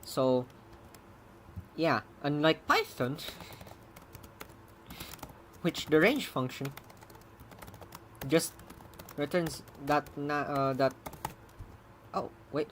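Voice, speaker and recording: A programmer casually walking through their own code, rambling, correcting themself, laughing often and breaking into excited cheers. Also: medium pitch, very slow, pauses often, a little hiss or hum. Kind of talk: casual coding stream commentary.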